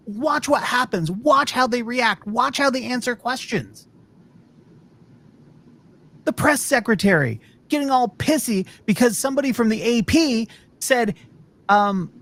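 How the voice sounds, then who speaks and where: High, animated ranting man. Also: normal speed. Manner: profane, exasperated ranting. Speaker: podcast host. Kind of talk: casual ranting chat.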